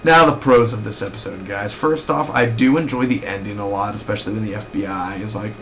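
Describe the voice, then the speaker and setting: A man's voice: on the low side, brisk, a bit bright, faint music behind. A young man reviewing a TV episode in a casual recap, rambling and ranting with lots of fillers and restarts.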